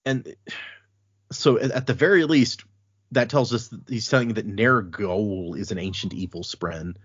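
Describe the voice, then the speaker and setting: A man with a lowish, husky voice hosts a relaxed book podcast. He switches between reading passages aloud and loosely talking them over, with fillers and restarts along the way. The sound is dry and a little dull. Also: measured pace, no room sound. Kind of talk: casual book discussion with read-aloud passages.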